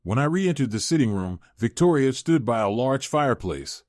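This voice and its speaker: Male narrator, steady first-person storytelling, mid pitch, dry. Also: normal speed, few pauses, no room sound.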